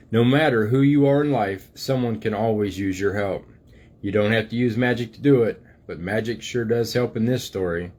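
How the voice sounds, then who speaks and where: An older man reads a storybook aloud to his grandchildren, gentle and unhurried, his voice on the low side.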